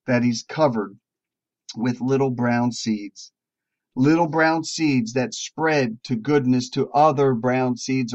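A man preaching to a recovery group, telling a parable slowly and drawing out words with emphatic rises. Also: mid-range voice. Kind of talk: sermon storytelling. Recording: dull lo-fi recording.

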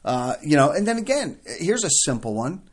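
A man talking through examples in a casual advice chat, excitable and emphatic, often acting out lines people might say. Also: on the high side, brisk, slightly rough. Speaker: co-host on family recovery.

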